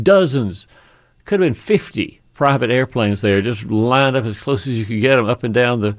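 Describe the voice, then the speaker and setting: A man's voice: mid-range voice, no echo. A man hosting a gardening call-in radio show, telling travel stories in a folksy, chatty way and laughing often. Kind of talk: casual radio chat. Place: radio studio.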